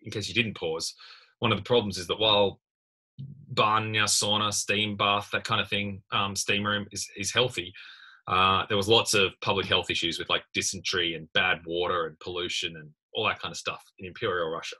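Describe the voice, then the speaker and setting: Husky, bright-voiced male lecturer. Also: deep voice, level tone, normal speed. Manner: conversational, thinking aloud with many fillers and restarts. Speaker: university lecturer. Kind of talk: screen-recorded tutorial walkthrough.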